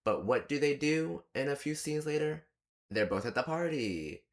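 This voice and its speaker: A man's voice: fairly high pitch, lively intonation, moderate pace. A man giving casual reaction commentary on a film, ranting in an exasperated, chatty way with plenty of rhetorical questions and fillers. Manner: loose and chatty with many fillers. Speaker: movie reviewer.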